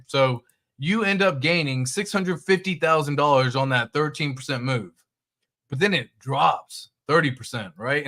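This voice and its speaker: A man's voice: on the high side, pushed and bright. A man hosting a crypto livestream, talking loosely through charts and reading viewer chat, with the odd swear.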